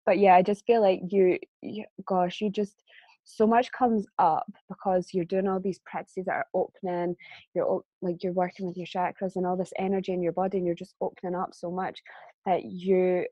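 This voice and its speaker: A woman's voice: lowish voice, little pitch movement, normal speed, dry recording, muffled recording. A woman telling a personal story as a guest in a casual conversation, chatty and laughing often. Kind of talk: casual chat.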